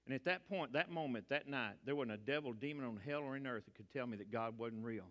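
An older man with a drawl tells his testimony to a congregation in a plain, folksy way. His voice is bright and forceful, and a long hall reverb trails behind each phrase. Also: mid-range voice, fast talker. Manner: folksy, colloquial storytelling. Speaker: preacher. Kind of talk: testimony sermon.

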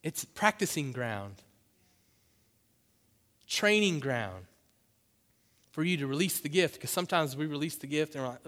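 A man preaching a sermon to his church, passionate and swinging into loud, emphatic bursts. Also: a little high, lively intonation, unhurried, pauses often. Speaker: pastor. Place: church sanctuary. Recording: long hall reverb.

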